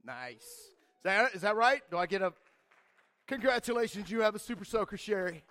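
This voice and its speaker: A young man, a church youth leader, telling a rambling, animated story to a group and saying man and dude a lot. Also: high voice, brisk.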